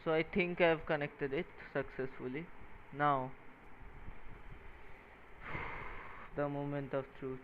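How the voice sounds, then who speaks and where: A tired man talking casually while he codes and wires a small electronics project, halting and counting pins out loud. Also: on the high side, fairly even intonation. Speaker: maker coding a microcontroller project. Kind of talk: casual talk-through while working. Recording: tinny phone-like sound with faint noise.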